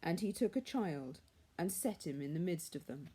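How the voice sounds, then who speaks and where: Woman reading a classic tale aloud, measured and hushed, mellow low voice. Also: animated, husky. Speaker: reader. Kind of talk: storybook reading.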